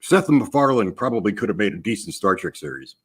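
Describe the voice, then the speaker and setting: A man's voice with a husky, slightly breathy edge that moves a lot in pitch as he talks. He speaks in casual panel chat, delivering wind-ups with a straight face. Over time the deadpan gives way to laughter. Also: brisk. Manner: deadpan trolling with a poker face, breaking into laughter.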